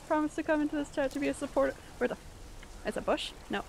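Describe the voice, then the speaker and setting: A woman's voice: high-pitched, rapid-fire, gravelly, a little hiss or hum. A woman streaming a horror game live, jumpy and reacting aloud while she chats with viewers. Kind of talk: live gameplay commentary. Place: home room.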